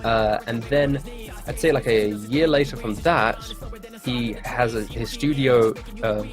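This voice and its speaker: A man's voice: medium pitch, unhurried, music in the background. A young man from England with an English accent, chatting as an interview guest in a laid-back, rambling way. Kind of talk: casual interview chat.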